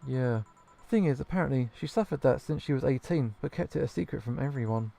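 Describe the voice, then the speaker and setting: A man reading the lines of a guarded, grieving woman from a video game, in a measured, flat way. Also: mid-range voice, vocal fry. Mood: subdued. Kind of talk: reading game dialogue aloud. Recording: faint game music behind.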